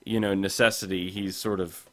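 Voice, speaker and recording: A man's voice: low-pitched, flat delivery, normal speed. Hesitant man chatting on a podcast. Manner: hesitant, lots of fillers and restarts. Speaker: podcast co-host, comics reviewer. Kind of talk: casual podcast chat.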